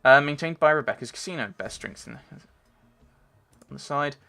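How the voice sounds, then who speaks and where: Bright-voiced man rambling over gameplay. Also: medium pitch, lively intonation, moderate pace, gravelly. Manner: rambling, thinking aloud, reads on-screen text. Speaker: let's play gamer. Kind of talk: casual gameplay commentary.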